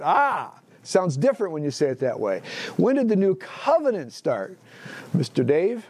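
A man's voice: on the high side, huge pitch swings, normal speed, darkish tone, breathy edge. A man teaching a Bible class in a conversational way, asking the class questions, echoing their answers and restarting phrases as he thinks aloud.

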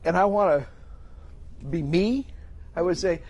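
Husky-voiced man preaching conversationally. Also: high-pitched, a little slow, a little mellow. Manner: conversational preaching, acts out voices of people in the story. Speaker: pastor. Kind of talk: sermon.

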